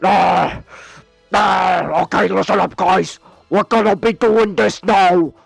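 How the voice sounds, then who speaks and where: A man voicing a gruff male military captain, shouting orders in a gravelly voice. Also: high-pitched, takes it slowly, dry recording, soft background music, pitched above the performer's own voice, heavily acted. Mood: barking. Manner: barking orders.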